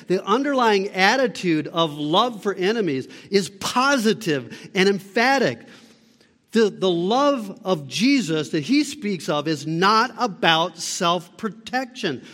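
A man preaching with a fairly high voice, driving his points home through rhetorical questions. His sermon rings out with a long hall reverb around him. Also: a bit bright. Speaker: pastor.

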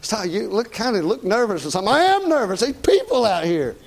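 A man's voice: sits high, expressive, fairly quick, gravelly. A man preaching a sermon in a folksy, conversational way, often asking "Amen?".

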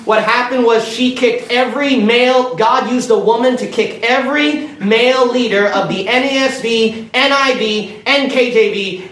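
A man preaching a sermon and telling stories in an animated way. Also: sits high. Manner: animated, storytelling with energy. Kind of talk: sermon storytelling. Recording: echoey room from far off with faint noise.

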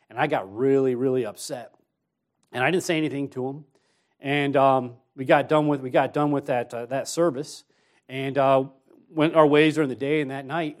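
A man preaching in a church, mid-pitched and plain-voiced. He tells his own story in a loose, conversational way, then pushes harder as he exhorts the congregation. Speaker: associate pastor. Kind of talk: sermon with personal story.

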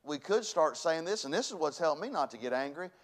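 A man preaching a sermon to his church, folksy and conversational, dropping to hushed lines and rising to loud bursts. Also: fairly high pitch, animated, a little fast. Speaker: pastor. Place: church sanctuary.

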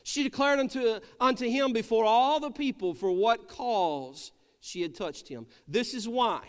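Man, pastor, sermon, high voice, calls for amens, long church reverb. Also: unhurried, clear, resonant tone. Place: church sanctuary.

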